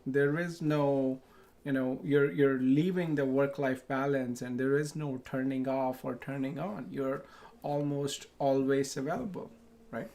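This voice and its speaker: A man of middle pitch whose first language is Punjabi, speaking as a business-owner guest on a live stream. He keeps it relaxed and conversational, often tagging his points with a quick "right?". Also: vocal fry. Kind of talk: casual conversation.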